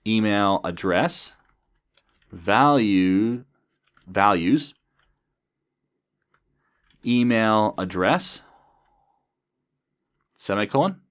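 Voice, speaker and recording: In a deep, clean-toned voice, a programming instructor walks through a coding tutorial, calmly explaining each step while typing it out.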